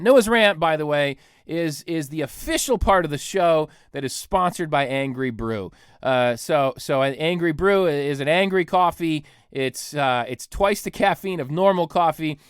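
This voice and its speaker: A man rattling off a comedic rant as a podcast host, excitable and rambling, laughing at himself as he goes. His pitch leaps all over the place, and the sound is dry and close on the mic. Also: smooth, no echo.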